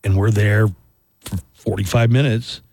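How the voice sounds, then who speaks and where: A man hosting a radio show in casual chat, telling stories in a chatty, animated way. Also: on the low side, unhurried, vocal fry, breathy edge.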